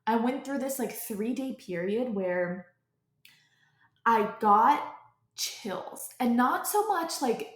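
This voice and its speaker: A woman's voice: on the high side, animated, takes it slowly. A young woman hosting a podcast, telling a personal story off the cuff in a rambling way, full of filler "likes" and restarts. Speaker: podcast host. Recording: echoey room.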